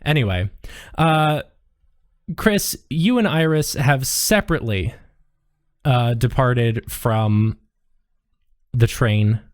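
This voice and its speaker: A man's voice: mid-range voice, slow, long pauses, smooth, no echo, clean studio sound. A man narrating a tabletop game as game master in a casual, loose way with many fillers.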